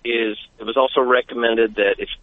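A man's voice: medium pitch, fairly even intonation, fairly quick, no room sound. A man calling into a radio show, asking his questions politely and a little hesitantly. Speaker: caller. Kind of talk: phone-in question. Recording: phone line.

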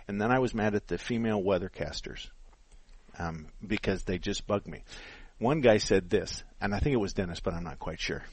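A husky, slightly low-voiced older man hosts a call-in radio show, rambling through anecdotes and laughing at his own punchlines. His sound is close and dry, with no room around it. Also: moderate pace, dry recording. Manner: storytelling, laughs often, acts out quotes. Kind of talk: casual call-in radio talk.

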